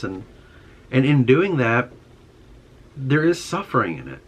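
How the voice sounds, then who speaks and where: Man, young adult, casual rant, profane, frustrated, medium pitch. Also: sing-song, moderate pace, pauses often. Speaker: podcast host. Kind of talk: casual monologue.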